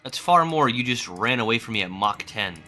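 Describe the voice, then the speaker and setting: A man's voice: medium pitch, animated, fairly quick, bright, forceful tone. A young adult man streaming a game with casual commentary, loose, joking and profane. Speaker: gaming streamer.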